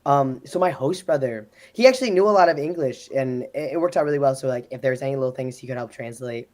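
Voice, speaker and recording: On a live panel, a man who is an exchange student guest tells stories casually and with animation, performing what others said. His voice is medium in pitch and he talks fast.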